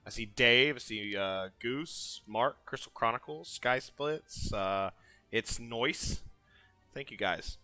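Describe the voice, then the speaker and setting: Male stream host, bright and upbeat, dry close-mic sound. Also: medium pitch, slow, dry recording, faint music behind. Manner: energetic, hyping up the chat. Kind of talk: casual gaming stream chat.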